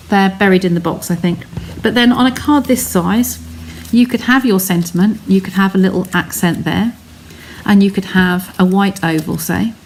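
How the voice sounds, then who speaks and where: A woman's voice: mid-range voice, a little hiss or hum. A woman hosting a live craft stream from her home studio, explaining each step in a chatty way and talking to her viewers.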